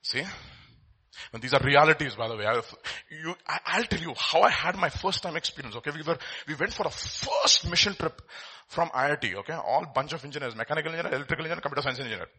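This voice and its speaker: A man from India delivers a sermon in a bright, slightly raised voice with a husky edge. He swings between loud, emphatic bursts and hushed, confiding asides, pushing key words hard. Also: a little high, expressive, quick pace. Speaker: preacher.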